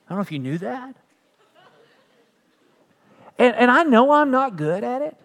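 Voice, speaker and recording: A man's voice: very high voice, sing-song, unhurried, a bit bright. A man preaching a sermon as pastor, earnest, repeating phrases and building to emphatic peaks.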